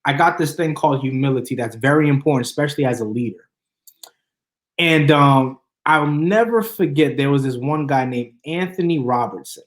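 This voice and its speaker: A man's voice: medium pitch, moderate pace. A man in his twenties, a guest, telling his life story earnestly in a casual interview and acting out the people he quotes. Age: 20s. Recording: roomy echo.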